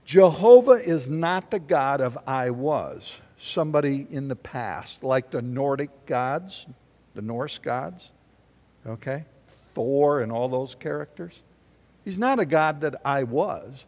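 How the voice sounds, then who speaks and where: A man's voice: mid-range voice, animated, slow pace, a little mellow. A man preaching a sermon to a congregation in an emphatic, conversational way, with sudden rising bursts. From United States. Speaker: pastor. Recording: reverberant hall.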